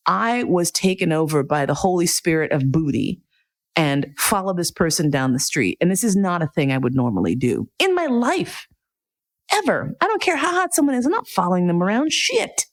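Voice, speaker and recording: A middle-aged woman telling a personal story in a casual, profane, comic way, jumping into loud quoted inner outbursts. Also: lowish voice, big pitch swings, normal speed.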